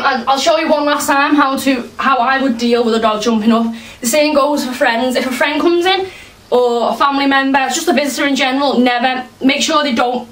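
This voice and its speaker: Woman, dog training explainer, hesitant chatty delivery, fairly high voice, roomy echo, mic at a distance. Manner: chatty, hesitant, with many fillers and restarts. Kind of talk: casual training demonstration. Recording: echoey room, voice from afar, faint hiss.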